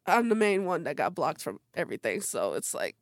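A woman's voice: sits low, sing-song, fairly quick. A woman hosting a podcast in casual chat, talking candidly and bluntly and swearing freely. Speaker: podcast host.

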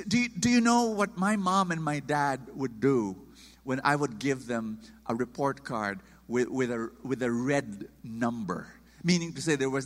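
Man, sermon, animated, emphatic, bright tone, long hall echo. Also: fairly high pitch. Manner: animated, emphatic, acts out quotes. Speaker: preacher.

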